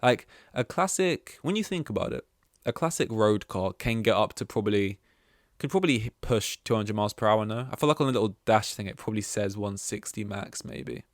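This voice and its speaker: A man's voice: lowish voice, a little fast, no echo, studio quality. A young man from England rambling casually on a solo podcast, often cutting himself off mid-thought. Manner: meandering, self-interrupting, casual. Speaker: podcast host.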